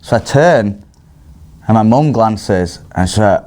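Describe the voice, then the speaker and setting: A man, telling stories as a podcast guest in a casual, animated way, swearing and laughing often. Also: fairly high pitch, a little slow.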